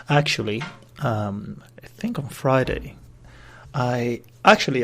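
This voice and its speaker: A man's voice: medium pitch, unhurried, creaky. A man hosting his own podcast, chatting in a rambling, casual way and swearing freely. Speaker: podcast host. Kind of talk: casual solo podcast chat.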